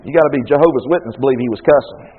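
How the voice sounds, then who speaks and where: A man preaching a sermon, talking in a conversational way and reading scripture aloud, moving from quiet asides to loud, fervent bursts. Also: mid-range voice, very fast, slightly rough, narrow, tinny audio. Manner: reads scripture aloud and then explains it.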